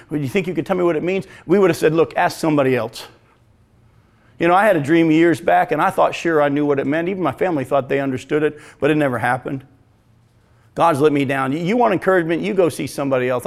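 A man preaching a sermon, moving from hushed, slow retellings to loud, pointed questions for the congregation. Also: on the high side, gravelly. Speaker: pastor.

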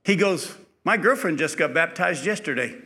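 A man's voice: fairly high pitch, animated, moderate pace, pushed and bright. A man preaching a sermon, telling a personal story in a conversational way, acting out the dialogue, then building to emphatic preaching.

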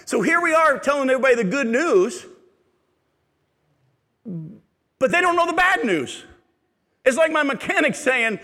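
Animated preaching man in a reverberant hall. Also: very high-pitched, measured pace, pauses often. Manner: animated preaching, rhetorical questions to the congregation. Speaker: pastor. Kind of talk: sermon.

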